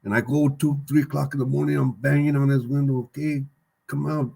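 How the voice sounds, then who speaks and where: Older man, show guest, candid storytelling, repeats words, street slang, mid-pitched voice. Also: flat delivery, fast, creaky, dark tone, slightly rough. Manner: rambling, repeats words and phrases, swears freely.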